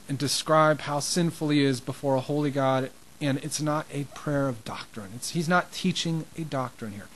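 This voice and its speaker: A man's voice: a little high, a bit bright, low-quality recording. A man preaching an informal sermon in a conversational way, growing impassioned, with frequent restarts.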